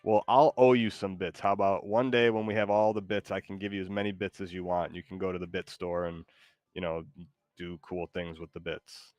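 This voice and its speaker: A man's voice: sits low, little pitch movement, fairly quick, a little mellow, dry recording. A man streaming live, chatting with his AI co-host in a rambling way full of fillers.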